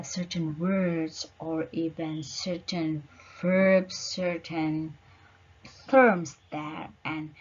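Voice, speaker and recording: A woman teaching an online lecture, slowly searching for words with frequent fillers. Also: sits low, breathy edge, lo-fi sound.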